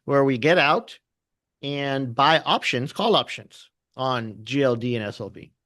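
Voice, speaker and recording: A man who trades options, chatting casually and telling animated stories. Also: medium pitch, a little slow, dry recording, studio quality. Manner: animated storyteller, laughs often, acts out quotes. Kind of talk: casual trading chat.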